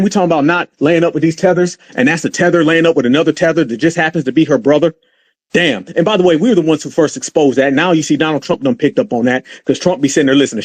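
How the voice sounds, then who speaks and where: A middle-aged man with an African American English accent, hosting a heated, profane political rant show. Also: fairly high pitch. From United States. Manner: heated, profane, preacher-like ranting. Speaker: commentary show host.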